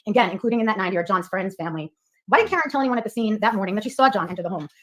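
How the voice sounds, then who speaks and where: A woman's voice: medium pitch, lively intonation, very fast. A woman reading scripted commentary in a firm, argumentative way, posing rhetorical questions.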